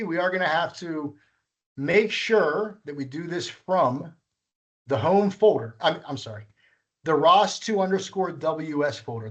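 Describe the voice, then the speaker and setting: A workshop instructor's slightly high, somewhat bright male voice comes through a muffled recording. Running a live coding session, he takes students through each step with patience, fixing his own slips as he goes.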